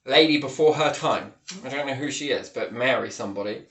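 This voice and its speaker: A man's voice: mid-range voice, fairly quick. Rambling man in an echoey room. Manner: rambling, swings between muttering and loud exclamations. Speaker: vlogger. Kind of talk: casual vlog monologue.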